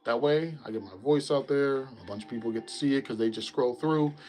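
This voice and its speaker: Man, casual podcast host, relaxed rambling talk, laughs a lot, mid-pitched voice. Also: brisk, rough recording. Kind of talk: casual chat.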